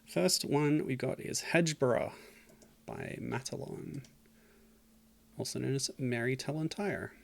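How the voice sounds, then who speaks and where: A man's voice: mid-range voice, a little slow, vocal fry, long pauses. A man streaming a game, chatting casually and reading game text aloud with dry, self-mocking asides. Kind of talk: casual gameplay commentary.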